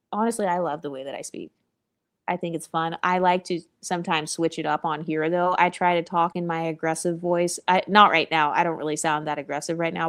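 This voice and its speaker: A woman vlogger giving blunt, opinionated commentary, sassy and profane, with mocking asides. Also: lowish voice.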